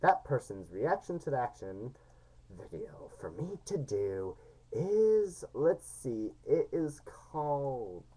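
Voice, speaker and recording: A video host opens a reaction video in a casual, unhurried way. The voice swings widely in pitch and the talk moves slowly. The host trips over a word a few times along the way. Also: sing-song, dark tone, slightly rough, rough recording.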